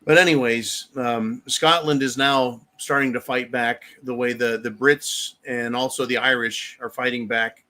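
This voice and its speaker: This livestream host from the United States speaks a little slowly yet hardly pauses, his mid-range voice steady, bright and forceful. He reads out viewer messages during a loose, profane, blunt rant.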